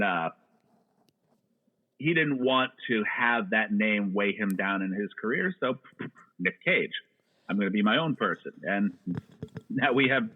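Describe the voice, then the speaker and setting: Lower-voiced man on a tinny line. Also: husky. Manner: rambling, joking movie talk with frequent "uh" restarts. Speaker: podcast guest. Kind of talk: casual chat.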